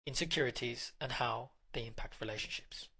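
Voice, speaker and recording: A man's voice: medium pitch, a little fast, creaky, pushed and bright, husky, low-quality recording. A man, a relationship coach, narrating advice in a direct, instructive manner and addressing the listener.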